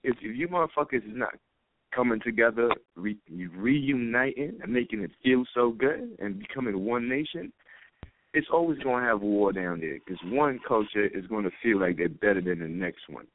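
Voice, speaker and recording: A man's voice: mid-range voice, expressive, moderate pace, slight background noise. A man calling in to an internet radio show, talking in a profane, rambling, heated rant. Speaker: caller. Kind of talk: call-in radio talk. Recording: dry tinny phone line.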